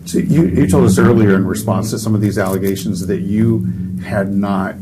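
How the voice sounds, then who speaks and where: A man on an editorial board, questioning a candidate haltingly with restarts. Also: fairly low pitch, music in the background. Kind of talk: interview questioning.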